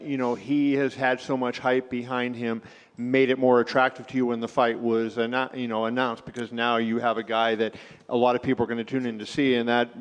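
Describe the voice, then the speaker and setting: A man's voice: mid-range voice, in a large hall. A male reporter asking long, winding questions at a press event. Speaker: interviewer.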